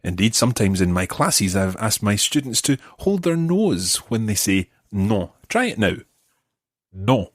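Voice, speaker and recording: Fairly low in pitch and very animated, a middle-aged podcast host and language teacher moves at a moderate pace with few pauses. In a friendly guided lesson, he patiently explains and models pronunciation for learners, and there's no room sound.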